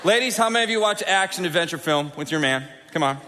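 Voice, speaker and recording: A middle-aged man preaching a sermon in a large church auditorium, conversational and animated, often acting out quotes and asking the crowd for hands. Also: high voice, fast talker, big-room sound, a little hiss or hum. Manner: animated, conversational, with acted-out quotes and audience prompts. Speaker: pastor.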